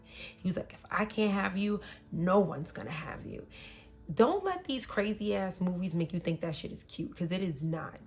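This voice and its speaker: A woman podcast host openly recounting an abusive relationship, blunt and emotional, sometimes dropping to a hush and sometimes rising sharply. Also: fairly low pitch. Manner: blunt, emotional, swings between soft and loud. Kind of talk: candid personal storytelling.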